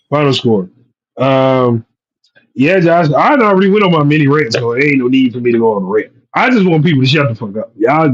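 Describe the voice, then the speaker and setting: A man co-hosting a sports talk show with a husky, high voice. He rants with heavy profanity and lively swings of pitch. The recording has a dull, lo-fi sound. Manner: profane, ranting, animated. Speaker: podcast co-host. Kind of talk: casual sports chat.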